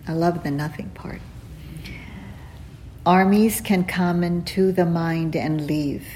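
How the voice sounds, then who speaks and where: A woman meditation teacher giving a dharma talk in a gentle, unhurried way, with pauses and fillers and soft laughs at her own stories. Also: lowish voice, fairly even intonation, a little hiss or hum, low-quality recording. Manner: laughs softly while telling stories. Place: retreat center hall.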